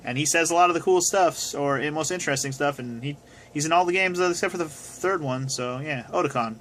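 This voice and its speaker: A man's voice: fairly high pitch, a little fast, fairly bright tone, slight background noise. A young man casually answering viewer questions on his video, rambling and swearing now and then. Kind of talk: casual chat. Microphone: phone camera.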